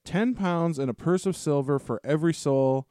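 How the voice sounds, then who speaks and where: A man's voice: fairly high pitch, normal speed, warm tone, clear, resonant tone, no room sound, studio quality, pitched above the performer's own voice, lightly acted. A man voicing a cowardly male dragon who begs and haggles for his life, in an anxious, wheedling way, during a dramatic reading of a story. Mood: pleading, wheedling. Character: cowardly bargaining male dragon, rich and pleading.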